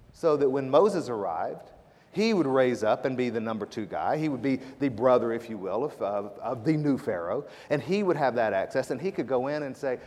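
A male pastor delivers a sermon, rising to loud emphatic lines and dropping to a hushed prayer. His voice rings with a long reverb from a large church hall. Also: mid-range voice. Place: church sanctuary.

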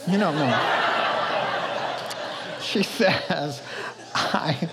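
Brief: older male pastor, unhurried, animated storyteller. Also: a little high, heavy background noise. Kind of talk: sermon.

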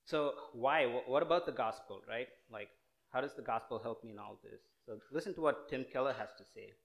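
A young male preacher from India. He speaks at a middling pitch in a loose, conversational way, with frequent fillers and restarts. His tone stays earnest as he works through his sermon. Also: fairly quick, creaky.

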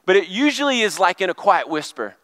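High-voiced chatty male pastor. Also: sing-song, a little fast, a bit bright, no echo. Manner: chatty, asks the crowd questions. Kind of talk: conversational sermon.

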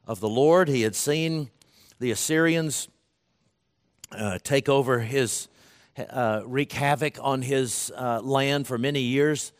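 A man delivering a sermon at a middle pitch. He speaks in a loose, conversational way, restarts phrases often, and slips into the voices of the people he quotes. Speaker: preacher.

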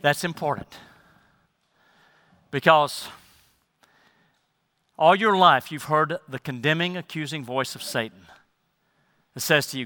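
A man delivers a sermon with a high, bright voice, swinging from emphatic declarations to quiet, low asides. The sound is close and dry, with no room around it. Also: unhurried, pauses often, no room sound. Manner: emphatic preaching, dropping to soft low asides. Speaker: pastor.

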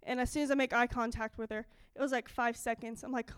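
High-pitched young woman sharing a testimony. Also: fast talker, clean tone, no room sound. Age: young adult. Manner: excited, animated storytelling with quoted dialogue. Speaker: church speaker. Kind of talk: testimony in a church service.

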